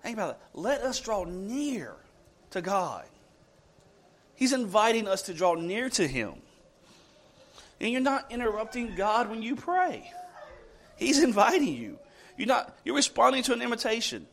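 A man preaching a sermon to a congregation, asking rhetorical questions and moving between loud emphatic lines and soft, slowed ones. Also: high-pitched, very animated.

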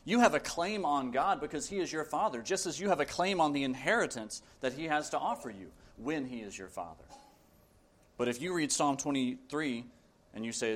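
A man delivers a sermon with earnest emphasis. He reads scripture slowly and drives his points home with repeated phrases. His voice sits at an everyday middle pitch. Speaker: preacher.

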